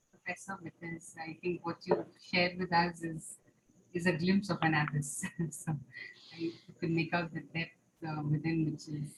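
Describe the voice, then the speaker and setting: A woman's voice: low-pitched, noisy background. A woman in an online discussion, hesitantly thanking the speaker and asking a question with many fillers. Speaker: audience member asking a question.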